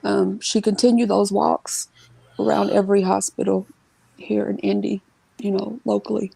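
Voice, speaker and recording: A woman telling an emotional family story as an interview guest, earnest and halting, sometimes acting out what others said. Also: medium pitch, level tone, creaky, dark tone, husky, no echo, low-quality recording.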